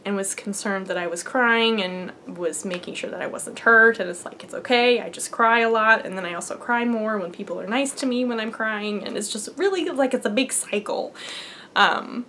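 A woman's voice: medium pitch, moderate pace, sharp tone, a little hiss or hum. A young adult woman hosting a knitting podcast, telling a long personal story in a rambly, earnest way with many fillers. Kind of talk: casual storytelling.

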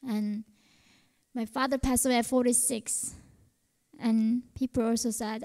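A young woman with a Korean accent speaks earnestly to a university audience. Her voice sits a little high and carries a long hall reverb. She answers questions with passion and conviction. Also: little pitch movement, measured pace, darkish tone. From North Korea. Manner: earnest, impassioned. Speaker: guest speaker. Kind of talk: lecture Q&A answers. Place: university auditorium.

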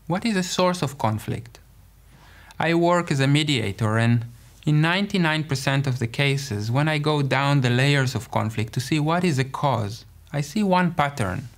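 A man who works as a mediator, explaining communication in a conversational tone with many rhetorical questions. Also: fairly high pitch. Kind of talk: explanatory talk.

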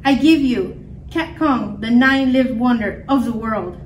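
Woman doing a squeaky scheming mouse doctor, greedy showman, storybook voice, in an echoey room. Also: measured pace, a little hiss or hum, close to an everyday voice. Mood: grand. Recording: echoey room, mic far off.

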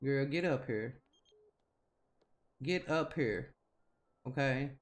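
A woman commentates her gameplay in a relaxed, conversational way. She talks straight at the characters, nagging and teasing them as she goes. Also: a bass voice, slow. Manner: chatty, scolding the game characters. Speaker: gaming video host. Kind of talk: casual game commentary.

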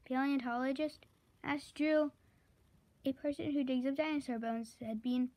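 A woman slowly reading a children's chapter book aloud, correcting herself and pausing to chat about the pictures. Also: high-pitched, fairly even intonation, a little mellow. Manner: slow, careful read-aloud with self-corrections; chatty asides about the pictures. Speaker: reader.

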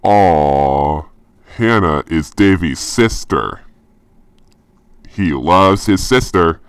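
A helpful young male cartoon friend, played by a man. He speaks slowly in a very low voice. His delivery is flat and stiff, and the sound is dry. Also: smooth, no echo, exaggerated voice.

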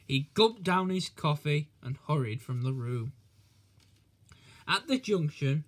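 A man reading a children's storybook aloud in a gentle, measured way. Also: on the high side.

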